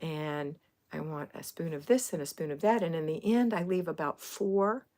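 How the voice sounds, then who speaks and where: A middle-aged woman from Florida hosts a homemaking livestream in a relaxed, rambling way. Her voice sits a little low for a woman. She chats casually and turns to answer viewers' comments. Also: normal speed. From Florida, USA.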